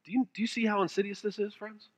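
A man preaching a sermon with passion, now and then dropping his voice to a hush for emphasis. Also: little pitch movement, fast talker. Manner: impassioned preaching, dropping to hushed low phrases for emphasis. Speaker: pastor.

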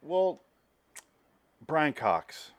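A man in casual movie talk, animated, acting out scenes and swearing freely. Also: fairly high pitch, extremely slow, dry recording. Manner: animated, acts out scenes with profanity.

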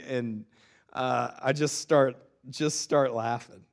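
A man's voice: medium pitch, fairly even intonation, slow, gravelly. A male pastor in his thirties preaching a sermon, telling a funny personal story with lots of repeated words before moving into scripture. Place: church sanctuary.

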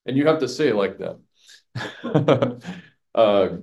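A man's voice: on the high side, animated, takes it slowly, darkish tone. A man teaching a Bible passage verse by verse, chatty, asking his listeners questions and laughing at his own jokes. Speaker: pastor teaching a Bible study.

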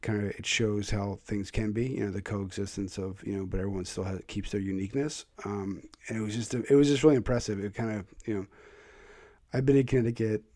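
A man's voice: fairly low pitch, steady tone, fairly quick, dark tone, no room sound, studio quality. A man from Philadelphia with a faded Philadelphia accent, hosting a podcast in loose chat that trails off. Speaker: podcast host. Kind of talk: casual conversation.

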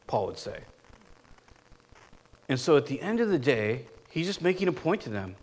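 Male pastor, high speaking voice, casual sermon delivery full of rhetorical questions. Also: sing-song, a little fast, darkish tone. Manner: conversational preaching with rhetorical questions.

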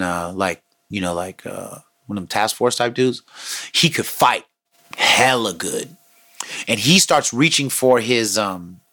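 A man hosting a podcast, telling street stories in a casual, profane, animated way and acting out quotes. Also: lowish voice. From San Francisco Bay Area. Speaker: podcast host. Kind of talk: casual storytelling monologue.

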